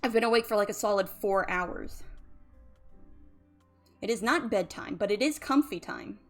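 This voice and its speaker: A woman's voice: medium pitch, normal speed, soft background music. A woman, a drowsy, yawning streamer who rambles casually about emotions with lots of fillers. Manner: rambling, chatty, many fillers. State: sleepy, yawning.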